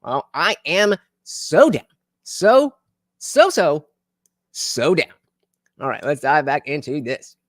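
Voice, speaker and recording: A man hosting a casual livestream, his voice pitched a bit high and swinging widely up and down as he talks. He greets his chat again and again with upbeat repeats. The sound is dry and close. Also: expressive, unhurried, a bit bright, no echo. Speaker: livestream host reacting to a show.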